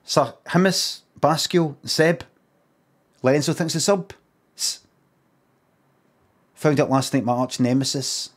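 A man's voice: medium pitch, takes it slowly, long pauses. A Scottish man with a Glaswegian accent, telling a rambling, dry story in casual live-stream chat. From Scotland. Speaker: livestreamer.

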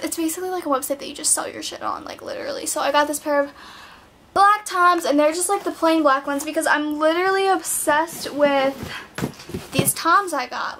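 A woman's voice: high voice, a bit bright, a little hiss or hum. A teenage girl chatting casually about clothes she bought, bubbly and filled with "like", a bit out of breath. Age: teens. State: slightly out of breath. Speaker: vlogger. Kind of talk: casual clothing haul chat. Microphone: camera mic.

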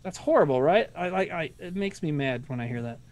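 A man with a Midwestern accent hosts a casual stream chat as a streaming show host, rambling, swearing freely, and poking fun at himself. His fairly high-pitched voice is expressive, brisk, and a little mellow.

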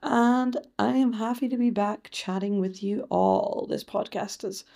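Young woman, Scottish accent, solo podcast host, warm dark tone, self-deprecating chat. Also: mid-range voice, steady tone, a little slow, creaky. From Scotland. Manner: self-mocking, playful, sometimes puts on a sing-song teacher voice. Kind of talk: chatty solo podcast diary.

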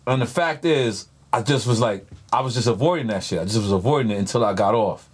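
Man on an interview, slightly rough voice, animated and profane, telling long stories. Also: medium pitch, fast talker. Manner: animated, swears freely, acts out others' lines in voices. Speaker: guest. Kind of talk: casual storytelling in an interview.

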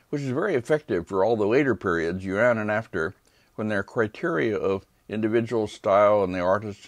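An older man lecturing on art history from a prepared script, with calm, measured delivery and brief asides asking for the next slide. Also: on the low side, no echo. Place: lecture hall.

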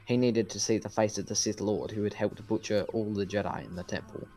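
A man's voice: fairly low pitch, steady tone, a little fast, mellow, faint music behind, rough recording. A man voicing an earnest, anguished Jedi knight who pleads, in an audiobook reading. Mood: pleading.

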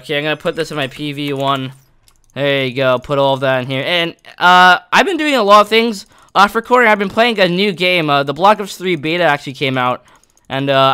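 A young man from Canada casually commentating his own gameplay, excitable and yelling at near misses. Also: a little high, clear, resonant tone. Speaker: gaming YouTuber.

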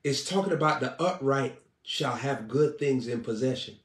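A man preaching to his online audience in a loose, joking way, teasing his listeners and breaking into laughter. He sits some way from the mic in a roomy, echoing space. His voice is mid-pitched. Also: expressive, normal speed. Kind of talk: joking live-stream preaching. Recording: echoey room, distant mic.

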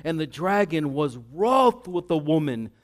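A man preaching a sermon as pastor, building to loud, impassioned crescendos and then dropping to hushed, low asides. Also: big pitch swings, a little slow.

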